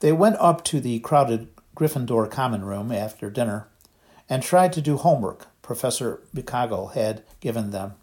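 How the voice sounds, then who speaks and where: The clip features a man's mid-range voice performing scripted narration for an audiobook, with a calm, steady, measured storytelling manner.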